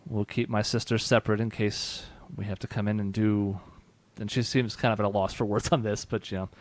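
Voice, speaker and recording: A man's voice: lowish voice, little pitch movement, a little fast. A man narrating as game master of a tabletop role-playing game, reading spell rules aloud and voicing characters, laughing between lines.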